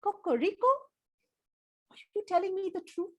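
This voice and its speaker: A woman's voice: extremely high pitch, moderate pace, mellow, voice pushed up. A woman voicing a suspicious female farm cat who questions the rooster closely.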